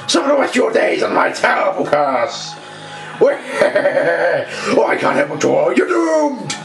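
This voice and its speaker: A man's voice: high voice, huge pitch swings, slow, gravelly, echoey room, over music, full character voice. A man voicing a gloating evil spirit trapped in a box, taunting and cackling as he reads game dialogue aloud. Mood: mocking.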